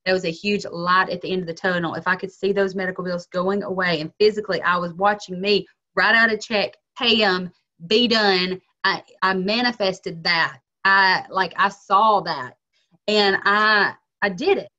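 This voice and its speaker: An earnest, driven woman shares her goals on a video call and urges the others to dig deeper. Her voice comes through a dull, lo-fi call line. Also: moderate pace, pushed and bright. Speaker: team member on a video call. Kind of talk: motivational talk on a video call.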